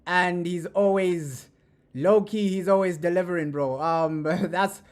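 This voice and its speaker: A man hosting a fan live stream, reacting to an interview in a loud, animated way and repeating his points often. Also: high voice, unhurried, clear, resonant tone. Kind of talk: casual live-stream commentary.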